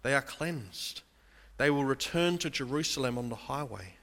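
A man's voice: mid-range voice, lively intonation, moderate pace, pushed and bright, big-room sound. A man preaching a sermon in an earnest style, calling his listeners beloved and brothers and sisters. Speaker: pastor.

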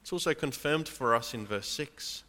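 A man's voice: mid-range voice, lively intonation, normal speed, pushed and bright, in a large hall. A man preaching a sermon in an earnest style, calling his listeners beloved and brothers and sisters. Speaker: pastor.

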